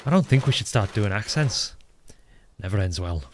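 Speaking at normal speed in a fairly low, expressive voice, this Midlands-accented gamer chats casually on his live stream. He rambles, replies to chat, and drops swear words offhandedly, with mouse clicks and noise in the audio.

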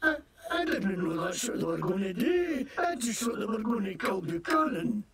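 A man's voice: sits high, sing-song, moderate pace, far from the mic, crowd noise. An actor playing a shifty, indignant shopkeeper in a video game who fakes a Scottish accent and swears his way through questioning. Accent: put-on Scottish. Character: shifty male fake-Scottish shopkeeper, defiant and loud.

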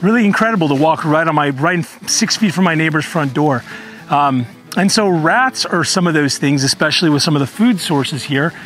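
Chatty high-voiced gardening host. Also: male voice, expressive, a little fast, a bit bright, faint music behind. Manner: chatty, earnest, frequent ums. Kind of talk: casual gardening tutorial. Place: outdoor home orchard.

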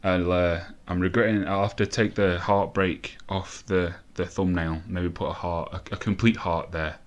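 Young male gamer host, lowish voice, loose, excitable and profane play-by-play at his desk mic. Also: moderate pace. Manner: sweary, excitable, rambling asides. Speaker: gaming let's-play host. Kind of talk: casual live game commentary.

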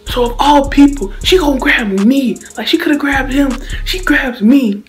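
A young vlogger from Slidell, Louisiana tells a story casually in slang, his voice extremely high-pitched and moderately paced over soft background music. He's animated and acts out the hits with sound effects.

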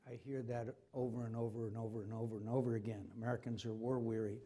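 A man's voice: medium pitch, level tone, fast talker, warm tone, slight background noise. An older man, a senator, speaking with passion in a forum conversation and repeating himself when stirred. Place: university forum hall.

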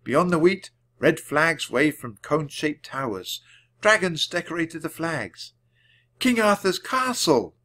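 A man reading a children's chapter book aloud, clearly and deliberately, for language learners. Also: on the high side, lively intonation, fairly bright tone. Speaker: storybook reader. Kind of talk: storybook read-aloud.

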